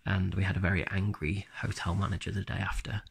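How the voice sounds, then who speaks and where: A man from England with a Black Country accent, a band drummer chatting casually in an interview in a relaxed, rambling, plain-spoken way, speaking quietly and close to the mic. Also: low-pitched, quick pace, gravelly, slightly rough. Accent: Black Country English.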